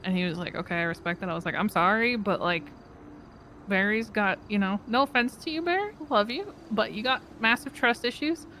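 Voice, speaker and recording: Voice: mid-range voice, expressive, a little fast, pushed and bright, slight background noise. Rambling voice in roleplay chat. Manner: rambling storyteller, quotes others, laughs mid-sentence. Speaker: fellow roleplayer.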